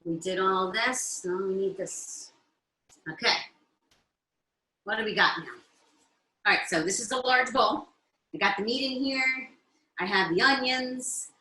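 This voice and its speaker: A woman's voice: medium pitch, unhurried, pauses often, sharp tone, reverberant, poor audio. Chatty Italian-American woman cooking live. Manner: chatty, checks in with viewers often. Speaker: cooking show host. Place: home kitchen.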